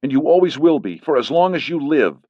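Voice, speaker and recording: A man's voice: medium pitch, animated, normal speed, no room sound, pitched above the performer's own voice, close to an everyday voice. A man voicing a menacing possessive Mafia princess. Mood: threatening. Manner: menacing, clingy, accusing. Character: jealous possessive Mafia princess, young woman. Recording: dull lo-fi recording.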